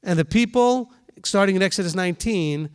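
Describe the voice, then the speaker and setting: A man's voice: sits high, lively intonation, fairly quick, clear, resonant tone. A man teaching a congregation in a conversational sermon style, often restarting phrases and acting out quoted voices.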